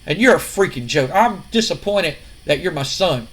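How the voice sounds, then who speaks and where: A man's voice: fairly high pitch, lively intonation, moderate pace, breathy edge. A man voicing an older wrestling king who scolds and mocks his son. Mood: scornful. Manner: scolding, mocking, shouting.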